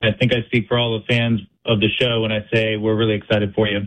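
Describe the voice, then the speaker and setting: A man's voice: on the low side, level tone, fast talker. A man calling in to a radio show, friendly and wishing the host well. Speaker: caller. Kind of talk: casual call-in talk. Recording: dull phone-line sound.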